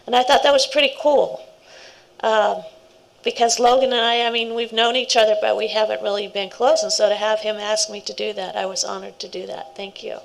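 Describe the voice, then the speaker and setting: A woman's voice: mid-range voice, fairly even intonation, brisk, vocal fry, low-quality recording. A middle-aged woman, a scout leader, giving a rambling, heartfelt speech at a ceremony, with laughing asides.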